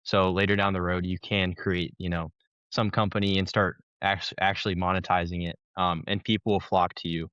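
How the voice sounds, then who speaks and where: Golf creator guy, low voice, relaxed, says um a lot, muffled lo-fi audio. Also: normal speed, smooth, no room sound. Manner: laid-back, lots of ums. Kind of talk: conversational interview. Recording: dull lo-fi sound.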